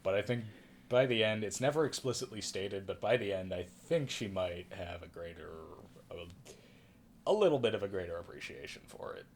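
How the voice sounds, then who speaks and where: A man's voice: fairly low pitch, expressive, moderate pace, a little hiss or hum. A man hosting a casual film review podcast, rambling and self-correcting with a wry tone. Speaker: podcast host reviewing films. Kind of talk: casual chat.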